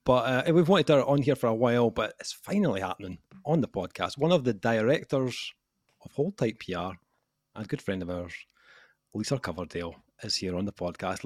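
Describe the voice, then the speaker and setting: A man in his own easy speaking voice hosts a loose, joking podcast chat, with a medium pitch that sits in the middle for a man. He teases his co-host and laughs a lot. The sound is dry and close, with no room in it. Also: darkish tone, no room sound. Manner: jokey, laughs often, teasing. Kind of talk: casual chat.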